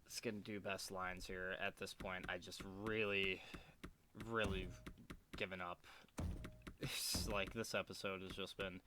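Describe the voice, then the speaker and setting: A man's voice: sits low, level tone, a little slow, noisy background. A man giving casual commentary while playing a hockey management game, frustrated and swearing, muttering to himself at his desk. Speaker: gaming video creator.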